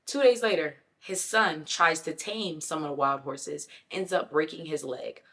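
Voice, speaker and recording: Emphatic lower-voiced woman giving life advice. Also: fairly bright tone. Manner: emphatic, acts out other people's lines in quick voices; conversational with frequent "you know what I'm saying". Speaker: self-improvement vlogger. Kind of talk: casual motivational talk.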